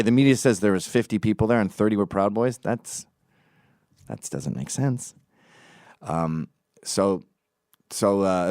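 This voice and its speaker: Male podcast host, mocking profane storyteller, deep voice that bounces around a lot. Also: no echo, studio quality. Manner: animated, mocking, profane, acts out quotes. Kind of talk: casual storytelling monologue.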